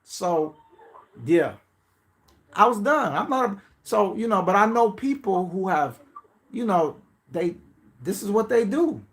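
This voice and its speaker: Speaking high, animated and unhurried, this man pauses often while hosting his podcast. His casual monologue is full of profanity and swings between mocking, pleading voices and blunt asides.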